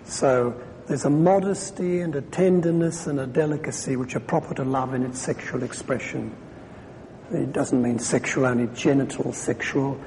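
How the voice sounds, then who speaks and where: A man's voice: mid-range voice, normal speed, darkish tone, big-room sound, slight background noise, poor audio. A man preaching a sermon on scripture in a conversational way, thinking aloud and restarting sentences.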